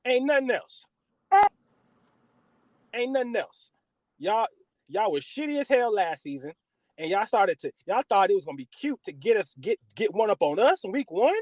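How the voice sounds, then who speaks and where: A US West Coast man hosts a podcast and rants about football, swearing a lot in an animated, profane way. His voice sits high and moves a little fast, with no echo. It's casual sports podcast chat.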